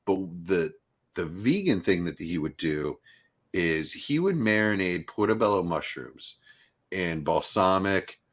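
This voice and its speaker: Deep-voiced middle-aged man in relaxed podcast banter. He tells stories with animation and loose asides, breaking now and then into playful mimicry. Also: a little slow. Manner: animated storyteller, mimics accents in passing. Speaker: podcast co-host. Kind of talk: casual chat.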